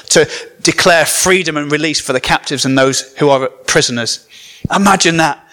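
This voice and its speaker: A man from northern England preaches in a chatty, joking style, telling comic stories and tossing asides to the congregation. His voice is on the high side with a fairly bright tone.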